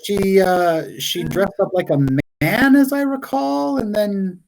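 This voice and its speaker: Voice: mid-range voice, takes it slowly, creaky, slight background noise, voice pushed up, low-quality recording. A tabletop game master voicing a shy male blacksmith who stammers nervously and keeps repeating himself.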